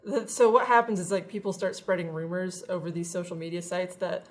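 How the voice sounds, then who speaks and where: A woman's voice: lowish voice, steady tone, brisk. A woman co-hosting a casual tech news discussion, chatty and filling in details with lots of "like". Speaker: co-host.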